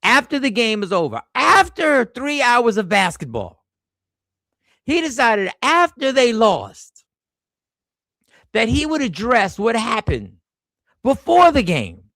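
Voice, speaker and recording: A man hosting a casual podcast, his voice pitched fairly high and swinging widely as he tells stories with playful energy. There's a gravelly edge to his tone, and the sound is dry and close. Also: slow pace, long pauses, no echo. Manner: animated, playful storytelling. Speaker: podcast host. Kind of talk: casual chat.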